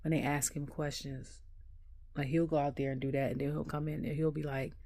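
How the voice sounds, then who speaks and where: Low-voiced woman ranting animatedly. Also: fairly quick, gravelly, no echo. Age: adult. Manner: animated storyteller who laughs often. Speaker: wrestling review vlogger. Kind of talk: casual ranting recap. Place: home.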